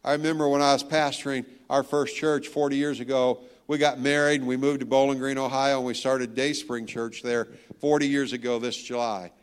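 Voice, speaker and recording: A man's voice: medium pitch, little pitch movement, fairly quick, hardly any pauses, clear, resonant tone. A male pastor in his sixties giving a sermon, telling stories and joking with the congregation, hitting key lines hard. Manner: storytelling, joking with the crowd, emphatic. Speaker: guest pastor.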